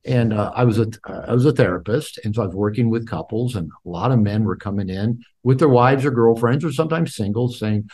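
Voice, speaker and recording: Older male therapist, the interview guest, speaking candidly and reflectively at an average pitch. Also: fairly quick, hardly any pauses, mellow. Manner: candid and reflective, with frequent fillers and restarts. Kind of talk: conversational interview storytelling.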